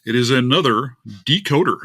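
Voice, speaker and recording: A man's voice: mid-range voice, expressive, normal speed, fairly bright tone, breathy edge. A man hosting a casual live stream, chatting and grumbling aloud while his screen share fails. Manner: chatty, grumbling at tech trouble, talks to his cat. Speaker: livestream host.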